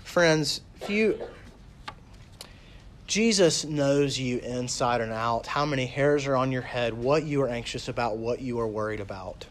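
A man preaching a sermon as a pastor, talking casually with lots of "like" and "you know", and reading scripture slowly and softly. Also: mid-range voice, a little hiss or hum. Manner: conversational, with fillers like "like" and "you know".

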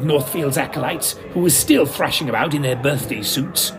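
A man's voice: mid-range voice, moderate pace, few pauses, music in the background. A man narrating a comic mystery in a theatrical, camp manner. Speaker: storyteller.

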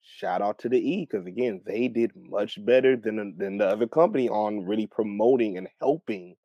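A man co-hosting a casual podcast chat, excitable and enthusiastic in how he talks. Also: moderate pace, no room sound. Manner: excitable, swings between high and low. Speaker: podcast co-host. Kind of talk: casual chat about wrestling. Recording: slightly dull, lo-fi mic.

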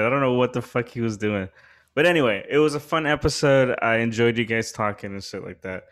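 Rambling, animated man telling a story. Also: mid-range voice, a little fast. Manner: rambling storytelling, heavy slang and swearing; animated, voice rising when worked up. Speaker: podcast host. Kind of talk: casual chat.

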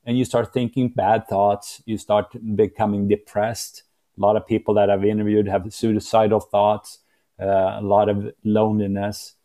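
A man hosts a podcast interview with an earnest, encouraging manner. His voice sits low and mellow, with a relaxed warmth to the tone. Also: normal speed. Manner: earnest, encouraging, uses metaphors. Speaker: podcast host. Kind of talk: interview conversation.

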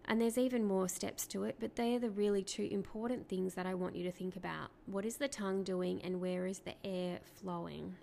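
A woman speech therapist explaining to parents in a clear, patient teaching talk, asking rhetorical questions along the way. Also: medium pitch, fairly even intonation, fairly quick, hardly any pauses, dark tone, slight background noise.

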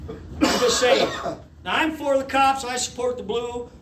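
A man in his fifties, a pastor telling a story from his past in a sermon, animated, laughing and shouting out the lines he quotes. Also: very high voice, a little slow, heavy background noise. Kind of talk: sermon testimony. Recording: echoey room with faint ambience.

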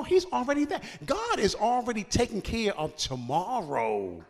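A man's voice: very high voice, big pitch swings, moderate pace, in a large hall. A man preaching a sermon in a folksy, playful way, joking with the congregation and laughing between phrases.

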